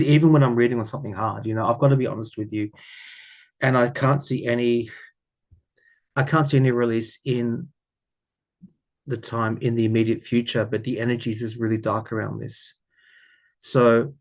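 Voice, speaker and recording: A man with an Australian accent giving a casual tarot reading, musing aloud and often repeating his phrases with ums and soft laughs. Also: mid-range voice, dull audio. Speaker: tarot reader.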